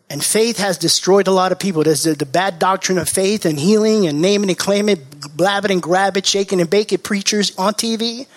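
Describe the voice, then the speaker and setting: A man's voice: sits high, a little fast. A man preaching a sermon as pastor, repeating key words for emphasis and teaching from scripture. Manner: mocking impressions of TV preachers.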